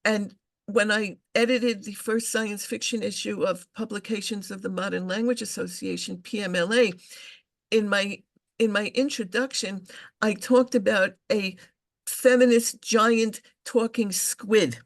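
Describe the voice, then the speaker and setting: A woman's voice: medium pitch, fairly even intonation, normal speed, creaky. An older female English professor recalling her career in an interview over a video call, hesitant and full of restarts. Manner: hesitant, with frequent restarts and fillers. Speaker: English professor and science fiction scholar. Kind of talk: interview, conversational recollection.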